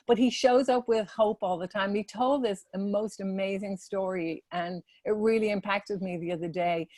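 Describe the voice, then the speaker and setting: A woman's voice: medium pitch, steady tone, moderate pace, darkish tone, no room sound. A woman who runs salons, giving a casual, earnest talk to salon leaders with many fillers. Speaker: salon business leader presenting a webinar.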